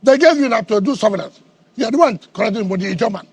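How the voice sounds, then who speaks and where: A man's voice: high-pitched, animated, rapid-fire, breathy edge. A middle-aged man with a Nigerian accent, a politician answering heatedly in a television interview, firing rhetorical questions and repeating words.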